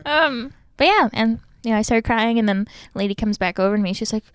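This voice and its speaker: Animated, laughing woman podcast host. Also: fairly high pitch, fairly quick, smooth, dry recording. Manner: animated storyteller, swears freely, laughs often. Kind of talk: casual interview chat.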